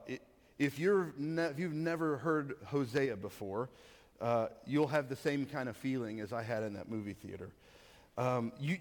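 A man preaching a sermon as pastor, telling a story in an animated, rambling way with many fillers. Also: medium pitch. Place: church hall. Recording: long reverb of a church hall.

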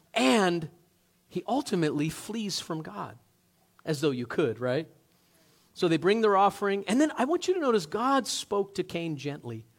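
A man preaching a sermon in a conversational way, acting out the voices in the scripture he retells. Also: sits high. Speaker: pastor.

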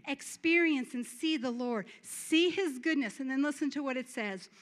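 A woman's voice: high-pitched, expressive, normal speed, hardly any pauses. A woman giving a fervent sermon testimony at church, repeating words and breaking into laughter. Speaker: church speaker.

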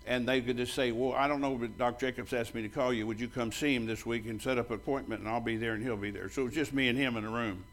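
An older man preaches to his congregation in a blunt, storytelling way. His voice sits at an ordinary middle pitch, and he acts out both sides of past conversations. When he jokes with the crowd he gets loud and bold. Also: steady tone, fast talker, few pauses, a little hiss or hum. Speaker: pastor. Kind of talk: sermon.

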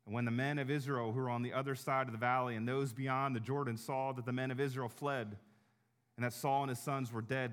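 A pastor preaching a sermon in an earnest way, slowing down to stress key words. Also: male voice, medium pitch. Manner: earnest, slows down for emphasis.

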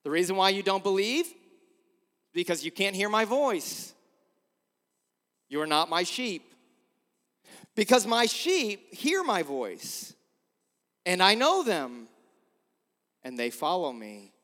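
A man preaching a sermon as a pastor, earnestly posing rhetorical questions and swinging between emphatic and hushed delivery. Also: high voice, sing-song, takes it slowly, pauses often. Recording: long hall reverb.

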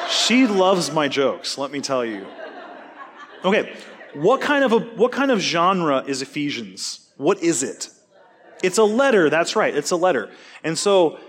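A man's voice: fairly high pitch, a little hiss or hum. A man teaching a Bible study class, asking the class questions and cracking jokes between points. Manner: animated, joking, quick asides, questions to the class.

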